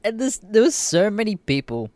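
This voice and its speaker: A man's voice: high-pitched, normal speed, no room sound. Profane young Australian man ranting. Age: young adult. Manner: profane, animated, laughs often. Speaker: podcast host. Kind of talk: casual rant.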